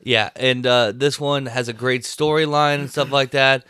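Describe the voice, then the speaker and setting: Laid-back young man, smooth voice, dry sound. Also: medium pitch, level tone, normal speed, fairly bright tone, dry recording. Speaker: podcast co-host. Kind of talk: casual chat.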